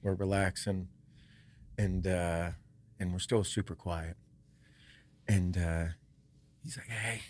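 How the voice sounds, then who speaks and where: A man hosting a podcast, telling a story in casual chat, swearing freely, laughing often and dropping to a hush for parts of the story. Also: sits low, steady tone, slow, pauses often. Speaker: podcast host.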